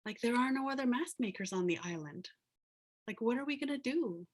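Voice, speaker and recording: A woman's voice: medium pitch, fairly quick, breathy edge. A woman doing a worried, urgent teenage boy. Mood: urgent, pleading.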